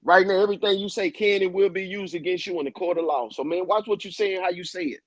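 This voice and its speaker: A man's voice: high-pitched, steady tone, fast talker, no echo. A man calling in, offering earnest, encouraging advice with a lot of repetition. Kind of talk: call-in advice.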